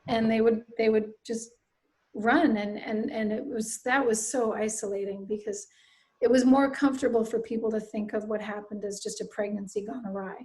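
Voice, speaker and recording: A middle-aged woman from Nova Scotia, a writer speaking as a guest, telling a personal story in an earnest, reflective way that often drops into soft asides. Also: on the high side, fairly even intonation, moderate pace. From Nova Scotia, Canada.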